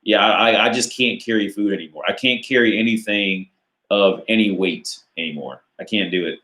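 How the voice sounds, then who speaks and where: Reading out viewer questions on a casual dating livestream, this American host rambles through profane answers full of filler words. His fairly low voice sounds pushed and bright at a normal speed, with reverb around it.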